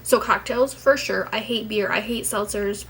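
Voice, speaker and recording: A woman's voice: medium pitch, moderate pace, fairly bright tone, slight background noise, rough recording. A young woman chatting casually to her camera at home as a vlogger, rambling and candid, swearing now and then.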